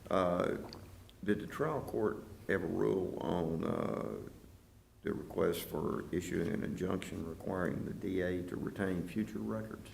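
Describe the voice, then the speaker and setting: A man's voice: low voice, expressive, unhurried, gravelly, darkish tone, roomy sound, a little hiss or hum. A man presiding as an appellate judge, asking brief procedural questions and giving directions. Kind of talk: presiding over oral argument. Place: courtroom.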